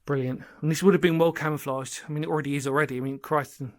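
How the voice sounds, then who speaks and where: The speaker is a man with a fairly high pitch and steady tone who talks very fast. He's by himself in a small brick bunker beneath the woodland, rambling eagerly to his channel viewers as part of a relaxed exploring vlog.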